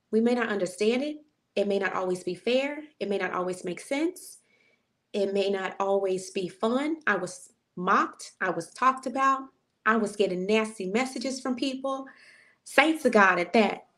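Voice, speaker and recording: Gravelly-voiced woman preaching her testimony. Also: medium pitch, a little slow. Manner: preachy, emotional, repetitive phrasing. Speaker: host. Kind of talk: casual testimony chat.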